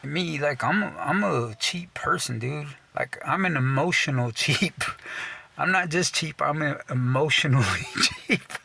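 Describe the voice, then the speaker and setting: A man's voice: a little high, a little slow, gravelly, pushed and bright, breathy edge. A young man from Texas telling a casual, profane rant, swearing constantly, saying "dude" a lot and laughing at himself mid-sentence. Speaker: storyteller.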